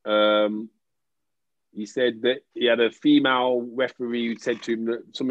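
A man's voice: medium pitch, normal speed, dry recording. A man in casual chat, talking animatedly with lots of restarts and jokes. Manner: animated, restarts often, jokey. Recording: dull lo-fi dry sound.

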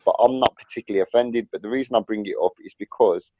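A man's voice: fairly low pitch, quick pace, warm tone. A man hosting a casual discussion, thinking aloud in a rambling way. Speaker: podcast host. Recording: dull lo-fi audio.

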